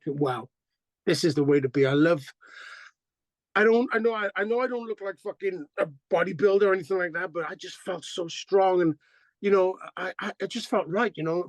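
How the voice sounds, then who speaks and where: High-voiced animated middle-aged man. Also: no echo. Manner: animated, profane, acts out quotes. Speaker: band singer, interview guest. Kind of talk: casual interview storytelling.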